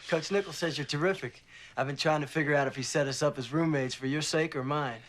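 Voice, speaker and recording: A man's voice: fairly high pitch, quick pace, natural voice. A young actor playing a confident male college debate star who needles his new roommate. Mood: teasing. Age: young adult. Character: cocky young male debate champion, teasing.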